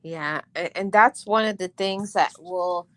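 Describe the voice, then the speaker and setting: A woman's voice: on the low side, a little slow, fairly bright tone, no echo. A woman hosting a casual chat, backing up her guest with affirming remarks. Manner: supportive, affirming interjections. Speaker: host.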